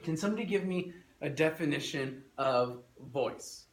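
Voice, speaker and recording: A young man teaching a classroom lesson, energetic and coaxing, repeating his instructions. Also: a little high, normal speed. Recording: echoey classroom with faint noise.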